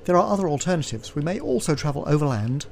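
A man voicing a cool, reserved English gentleman who speaks in a clipped, formal way. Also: a little high, big pitch swings, quick pace, creaky, slight background noise, voice pushed up. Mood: aloof.

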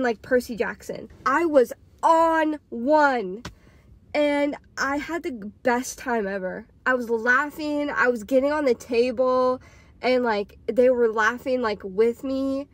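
Young woman in her twenties, raised pitch, dry close sound, rambling casual storytime full of "like.". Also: no echo. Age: 20s. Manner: rambling, filler-heavy with frequent "like". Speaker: podcaster and storytime vlogger.

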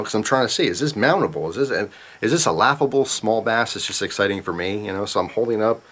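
A man with a somewhat low voice talks straight to his viewers in a relaxed storytime vlog. He rambles through the tale with animated energy and keeps stopping for side comments. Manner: rambling, animated retelling with asides. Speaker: vlogger. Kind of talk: casual storytime.

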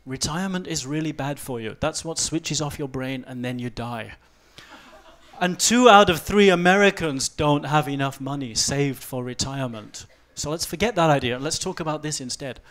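A man in his forties gives a short, fast-paced talk on an event stage. His voice sits a little high. He swings from low, quiet asides to loud, animated bursts. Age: 40s. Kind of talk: fast-paced humorous presentation. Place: event stage before a live audience.

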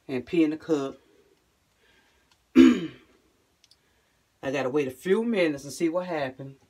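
A woman talks casually to camera in a vlog, speaking in short phrases she often restarts. Most lines trail off into a low, quiet "guys" or "y'all."

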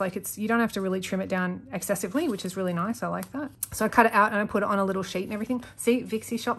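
A woman chatting while she sets up her planner at a desk, rambling, sidetracking often and getting worked up when she rants. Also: medium pitch. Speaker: planner vlogger. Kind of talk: chatty talk while crafting. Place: at a desk at home. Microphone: desk-mounted camera.

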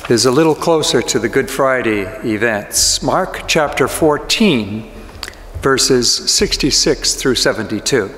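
A man's voice: fairly high pitch, a bit bright. A man, a pastor, reading scripture and preaching, giving the quoted speakers their own voices. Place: church sanctuary. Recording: echoey church with long reverb.

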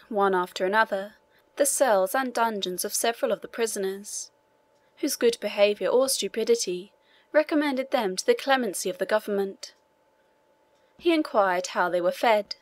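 Woman for a classic-novel audiobook, measured read, dry close sound. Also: mid-range voice, no room sound. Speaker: audiobook narrator. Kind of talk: scripted narration.

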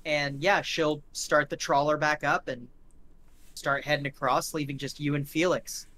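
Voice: mid-range voice, fairly even intonation, unhurried, a bit bright. A game master narrating a tabletop game in a casual, rambling way, full of fillers and swearing.

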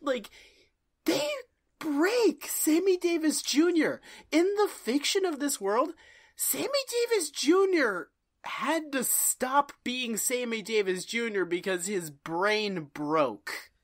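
A woman's voice: a little high, takes it slowly. A woman on a comedy podcast, recapping an episode in casual chat, laughing often and acting out lines dramatically. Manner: expressive, laughing, dramatic acted-out quotes. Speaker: podcast co-host or guest.

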